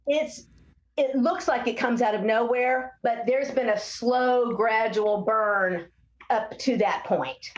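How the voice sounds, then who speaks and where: Woman in her sixties, a clinician guest, animated storyteller, slightly high voice, echoey room. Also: dull audio. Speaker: speech-language pathologist guest. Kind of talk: podcast interview. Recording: roomy echo.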